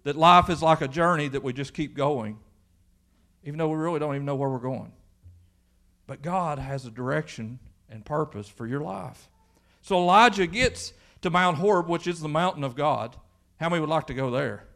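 A man's voice: on the high side, moderate pace, vocal fry, fairly bright tone. A man preaching a folksy sermon in church, acting out the voices from the Bible story. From Kentucky. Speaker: pastor.

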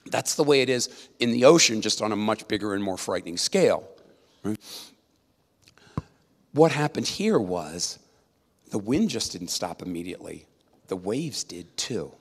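Lower-voiced man preaching in a hall. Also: sing-song, moderate pace, long pauses. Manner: conversational, emphatic, with tag questions. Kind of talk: sermon. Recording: long reverb of a large hall.

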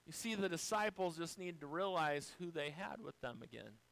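A male pastor preaching a sermon, swinging from quiet, low passages to loud, high-pitched exhortations. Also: lively intonation, moderate pace, creaky, poor audio.

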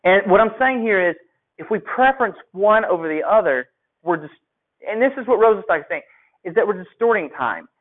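A man's voice: high-pitched, lively intonation, brisk. Man lecturing a class over a thin line. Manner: conversational, asks students questions. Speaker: teacher. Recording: phone-like lo-fi audio.

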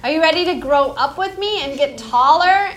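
A woman's voice: high voice, expressive, moderate pace, noisy background. A woman leading a live children's yoga class indoors, talking in a playful, encouraging, sing-song way.

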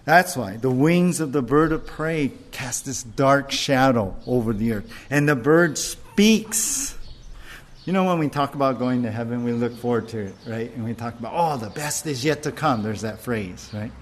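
A man preaching a sermon in a casual, conversational way, slowing down to stress key points. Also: medium pitch. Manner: conversational preaching with fillers and restarts, slowing for emphasis. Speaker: pastor.

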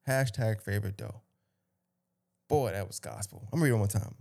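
A man's voice: on the low side, normal speed, creaky, pauses often, darkish tone. A man hosting a podcast, giving a casual motivational rant with lots of repetition, restarts and emphatic asides. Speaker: podcast host.

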